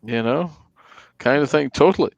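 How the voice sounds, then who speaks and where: A man's voice: mid-range voice, moderate pace, creaky, no echo, lo-fi sound. A man with a Scottish accent co-hosting a live stream, rambling in casual chat, repeating himself and laughing often. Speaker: co-host.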